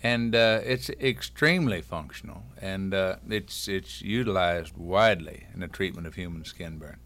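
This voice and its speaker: A man's voice: deep voice, moderate pace, a bit bright. A man, a guest on a talk show, chatting in a folksy, joking way. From Texas. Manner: folksy, wisecracking storyteller.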